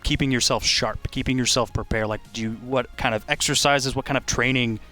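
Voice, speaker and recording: Bright, clear-voiced male interviewer. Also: medium pitch, fairly even intonation, a little fast, soft background music. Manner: curious, conversational, rambling questions. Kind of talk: interview questions.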